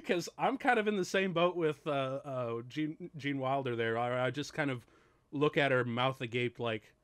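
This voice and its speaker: A man co-hosting a casual movie commentary podcast, excitable and laughing often. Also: medium pitch, normal speed, clear, resonant tone. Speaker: podcast co-host.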